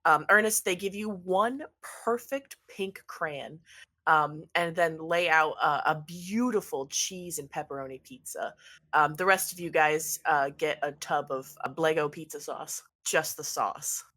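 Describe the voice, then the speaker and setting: A woman's voice: low voice, measured pace, bright, forceful tone. A woman narrating as game master in a tabletop game, casual and full of ums. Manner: casual, filler-heavy narration with many ums.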